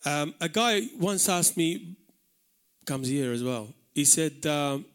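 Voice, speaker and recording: A man from Malta with a Maltese accent, preaching an animated sermon in a church hall. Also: fairly high pitch, takes it slowly. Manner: animated preaching, shouting out acted warnings.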